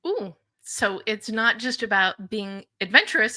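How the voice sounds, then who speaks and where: A woman's voice: mid-range voice, lively intonation, unhurried, sharp tone. A woman hosting a podcast interview, asking questions and reacting with upbeat, curious interjections. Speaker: podcast host.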